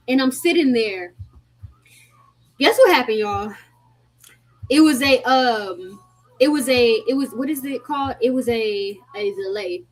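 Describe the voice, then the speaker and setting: A young adult woman telling a long story to her viewers in a chatty, animated way, often calling out to them. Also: on the high side, poor audio. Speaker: vlogger.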